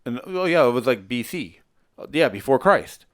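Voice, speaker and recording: A middle-aged man talking at home as a podcast co-host. His voice sits at an ordinary middle pitch, and he rambles and thinks aloud in loose, casual chat. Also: animated, normal speed. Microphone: stand mic.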